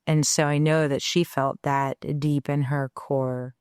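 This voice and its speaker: A woman's voice: deep voice, slow pace, smooth, no room sound, studio quality. A woman co-hosting a parenting podcast, telling a candid personal story and acting out the quoted lines as she goes. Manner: animated, acts out quoted dialogue; reflective and candid. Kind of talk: conversational storytelling.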